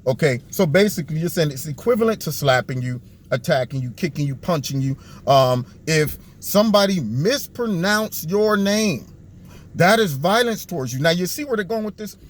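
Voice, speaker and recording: A man's voice: animated, normal speed, a little hiss or hum. A man giving sarcastic political commentary on a video, mocking the people he talks about. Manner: mocking, acts out what others think in a low put-on voice.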